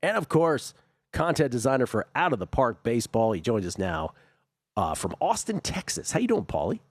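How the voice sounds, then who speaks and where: A man hosting a sports radio talk show, reading listener messages aloud and adding quick remarks. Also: medium pitch, very animated, breathy edge, no room sound. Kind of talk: casual talk show banter.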